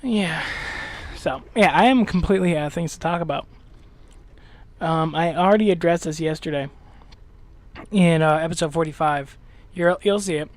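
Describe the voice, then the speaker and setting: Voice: mid-range voice, normal speed, long pauses, no room sound. A gaming channel host with a slight lisp gives casual, rambling gameplay commentary, full of hesitations and restarts, and has a dry mouth.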